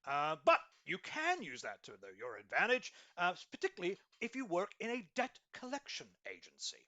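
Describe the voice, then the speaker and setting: Pompous guy playing a business guru, high bright voice that swoops all over. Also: huge pitch swings, brisk, highs cut off. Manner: pompous, mock-serious guru tone with frequent ums. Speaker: host of a mock business advice show. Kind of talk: deadpan satirical advice show.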